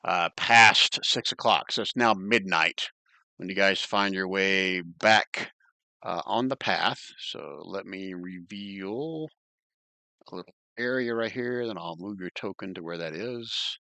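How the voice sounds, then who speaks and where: A man's voice: sits low, slow, creaky, bright, forceful tone, no room sound. A man acting as game master, running an online tabletop game in a chatty, joking way and thinking aloud as he works the map.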